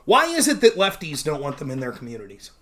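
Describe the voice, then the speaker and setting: A man hosts a casual political livestream and reads viewer comments aloud. His tone is sarcastic and mocking, and his pitch rises and falls with a lot of movement. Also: wildly swooping pitch, fast, a crowd in the background.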